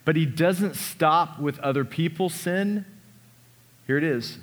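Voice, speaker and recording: A man preaching a sermon as a pastor, earnest, sometimes dropping his voice to a hush on key lines. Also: medium pitch, measured pace. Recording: long reverb of a large hall.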